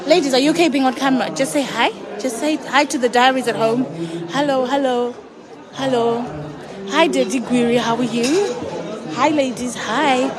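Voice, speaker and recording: Woman, bubbly quick greetings, high voice, noisy ballroom crowd. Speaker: vlogger filming guests at a ball. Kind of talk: live-stream walkaround greetings. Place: large indoor ballroom. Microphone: handheld phone camera. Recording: busy crowd chatter behind.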